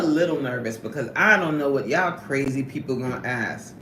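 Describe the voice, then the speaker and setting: A woman hosting a casual livestream, chatting with viewers in a sassy, animated way and laughing often. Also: a bass voice, normal speed, roomy sound. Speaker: livestream host reading chat.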